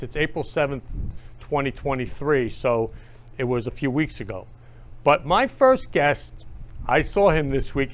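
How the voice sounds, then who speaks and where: A man hosting his own show, talking in an eager, gushing monologue that swings up loud on key phrases. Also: medium pitch. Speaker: host. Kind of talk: enthusiastic casual monologue.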